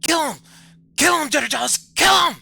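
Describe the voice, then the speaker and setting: A man voicing a frantic little digging minion who yells eagerly about killing. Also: expressive, moderate pace, vocal fry, heavily acted. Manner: yelling, frantic, high. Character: frantic small male digging minion, bloodthirsty and shrill.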